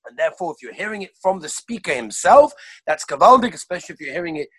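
A man teaching a Torah class over a video call, reeling off sources one after another in an animated way. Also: high voice, husky, rough recording. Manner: rapid-fire listing of sources, animated. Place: lives in Israel.

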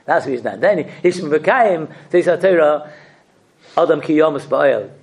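A man giving a religious sermon, asking rhetorical questions and telling stories with expressive delivery. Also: a little high, moderate pace, creaky. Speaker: rabbi giving a talk.

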